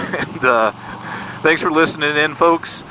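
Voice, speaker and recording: A man's voice: on the high side, a little slow, low-quality recording. A man around sixty telling an embarrassing story in a folksy, self-deprecating way while out riding his motorcycle. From Michigan, USA. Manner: folksy, self-deprecating, animated retelling of dialogue. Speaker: motorcycle vlogger. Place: outdoors on a motorcycle on country roads. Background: faint road and vehicle noise.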